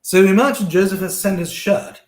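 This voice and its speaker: A man's voice: sits high, moderate pace, reverberant. A man reading scripture aloud and reflecting on it, earnest and thinking aloud with frequent restarts.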